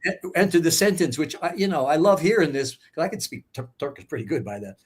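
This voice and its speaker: A man's voice: fairly high pitch, big pitch swings, fast talker, breathy edge. A man in his seventies, a guest in a casual interview, telling his story bluntly and swearing for emphasis. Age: 70s.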